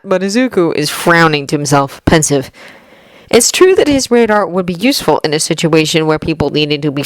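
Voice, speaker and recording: Woman reading fanfic out loud, lively expressive voice, dry close mic. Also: lowish voice, dry recording. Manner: expressive storytelling. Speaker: narrator.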